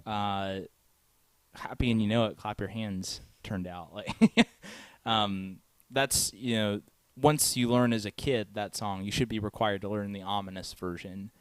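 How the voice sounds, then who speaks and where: A man's voice: lowish voice, steady tone, measured pace, no room sound. A man hosting a live music stream, chatting casually with lots of fillers and frequent chuckles.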